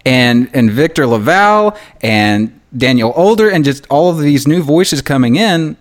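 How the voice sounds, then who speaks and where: A man halting, Southern. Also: on the high side, animated. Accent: Southern American. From American South. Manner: halting, repeats words, laughs often. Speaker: writer, podcast guest. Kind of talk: casual conversation.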